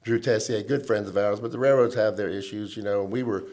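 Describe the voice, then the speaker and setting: Man, middle-aged, low voice, animated storyteller doing other people's voices. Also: fast. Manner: animated storyteller who acts out quoted people. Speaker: government relations veteran, guest. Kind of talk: casual storytelling chat.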